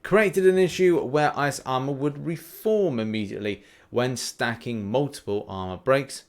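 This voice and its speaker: A young man hosting a mobile game news show, talking in a chatty, animated way with plenty of fillers and restarts. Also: mid-range voice, normal speed. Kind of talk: casual gaming news commentary.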